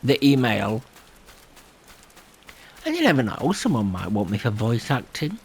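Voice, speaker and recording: A man's voice: mid-range voice, wildly swooping pitch, measured pace, slight background noise. A man hosting a gameplay video, rambling and self-deprecating and laughing often. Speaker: gaming channel host. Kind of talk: casual gameplay commentary.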